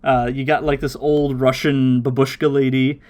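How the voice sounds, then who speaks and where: A man hosting a podcast, casually recapping an episode with lots of laughter and quick silly voices. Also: medium pitch, flat delivery, darkish tone. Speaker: podcast host.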